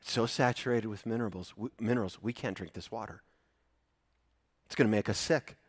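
A man preaching a sermon, animated, acting out the voices of the people in his story with loud bursts. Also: fairly low pitch, brisk, no room sound. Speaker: pastor.

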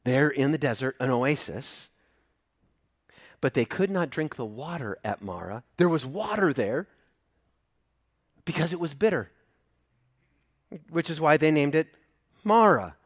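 Male pastor, sermon delivery, higher voice, dry room, lively and dramatic. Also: unhurried, pauses often, no echo. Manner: animated, acts out crowd voices, loud bursts.

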